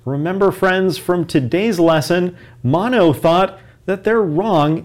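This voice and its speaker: A man's voice: high-pitched, takes it slowly. A man co-hosting a lesson, explaining a story and defining words for learners. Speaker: co-host and teacher.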